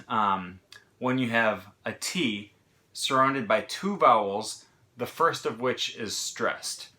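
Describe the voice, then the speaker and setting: An American language teacher explains pronunciation in a casual lesson, his fairly low voice pushed and bright. He talks in short bursts, with fillers and restarts.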